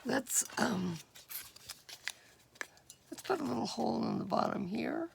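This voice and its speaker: A woman crafts slowly, her gruff, gravelly morning voice a little high and animated, while demonstrating a junk journal project in a casual, step-by-step way. She muses aloud with fillers, sometimes dropping to a whisper. Tool clicks sound over clear background noise.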